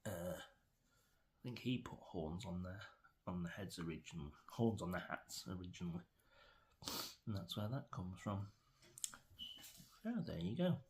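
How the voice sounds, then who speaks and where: A man's voice: low-pitched, animated, unhurried, long pauses, darkish tone, a little hiss or hum. A middle-aged man with an English accent, rambling through an opinionated vlog rant with many fillers and restarts. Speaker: vlogger.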